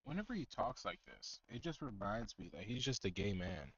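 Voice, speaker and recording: A man's voice: lowish voice, very animated, normal speed, fairly bright tone, lo-fi sound. A man streaming as he reacts to videos, giving blunt, scornful, profane commentary. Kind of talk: mocking commentary.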